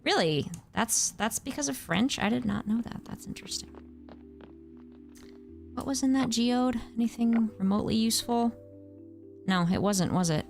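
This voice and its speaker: A woman's voice: on the high side, normal speed, gravelly, a little mellow. A young woman chatting casually on a gameplay stream, rambling and answering her chat, with faint music behind her.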